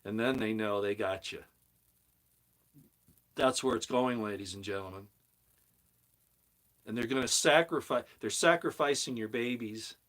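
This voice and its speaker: With a voice on the low side, a bit bright, and a measured pace broken by long pauses, a middle-aged man hosts his own commentary channel. His opinionated monologue is heated and preachy, leaning on emphatic repetition.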